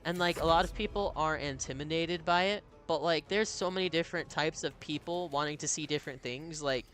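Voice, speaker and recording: Chatty streamer guy, somewhat high voice. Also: fairly quick, fairly bright tone, soft background music. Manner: chatty, laughs often, reads viewer messages aloud. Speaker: game streamer. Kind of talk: casual live-stream chat over gameplay.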